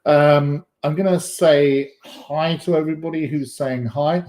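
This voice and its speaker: A man's voice: fairly high pitch, steady tone, measured pace, darkish tone. Rambling, chatty male stream host. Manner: chatty and rambling, many fillers and restarts; jokey, greets viewers by name. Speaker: livestream host. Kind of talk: casual live-stream chat.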